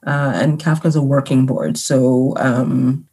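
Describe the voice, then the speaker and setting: Low-voiced chatty woman guest. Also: fairly even intonation, unhurried, warm tone, breathy edge. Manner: chatty, laughs often, many fillers. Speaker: arts organization general manager, guest. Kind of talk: casual interview chat.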